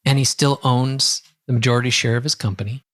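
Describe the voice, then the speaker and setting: A man who works as a coach, telling a client's story as a podcast guest and acting out the dialogue with a lively voice. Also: mid-range voice, brisk, no echo, studio quality. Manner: lively, acts out quoted dialogue. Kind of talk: conversational storytelling.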